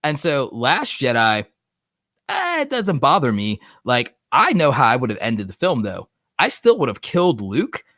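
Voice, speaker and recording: A man hosting a live online show, talking excitedly in a rambling way and saying "like" a lot. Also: medium pitch, moderate pace, no room sound, clean studio sound. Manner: excited, rambling, heavy use of "like". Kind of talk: casual livestream chat. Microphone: online streaming setup.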